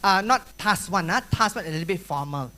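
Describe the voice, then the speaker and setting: A woman with a Malaysian English accent lecturing students at an exam-preparation workshop, animated and playful, acting out chatter with sound effects. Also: on the low side, a little fast. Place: school hall.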